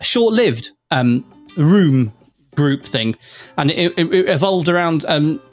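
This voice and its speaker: A man's voice: a little high, lively intonation, slow pace, faint music behind. A man co-hosting a live audio chat show, chatty and rambling with lots of fillers and restarts. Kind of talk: casual chat.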